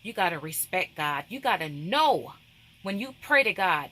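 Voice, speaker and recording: A woman's voice: lowish voice, very animated, normal speed, pushed and bright. A woman, hosting a craft devotional and preaching with emphatic repetition, often calling out to "people". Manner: emphatic, repeats phrases, calls out to "people".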